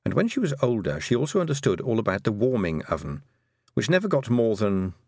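A man narrating an audiobook with gently wry, unhurried storytelling. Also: on the low side, wildly swooping pitch, dry recording, clean studio sound.

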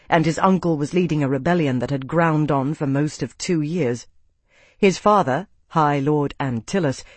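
A man narrating a fantasy audiobook in a steady, even storytelling manner. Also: a little high, no echo.

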